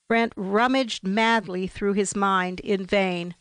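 Woman audiobook narrator, slow and measured, dry close sound. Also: medium pitch, smooth, no echo. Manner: measured, even storytelling. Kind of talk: scripted narration of a novel.

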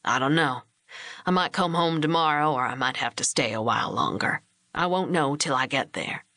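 A woman voicing a big, steady rancher father who speaks low, even and quietly firm. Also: moderate pace, dry recording, clean studio sound, exaggerated voice.

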